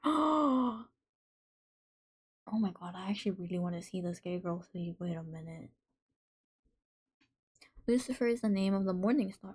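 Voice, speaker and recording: A woman's voice: mid-range voice, breathy edge. A woman hosting a live stream in casual chat, reading out messages from viewers and reacting to them playfully. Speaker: livestream host.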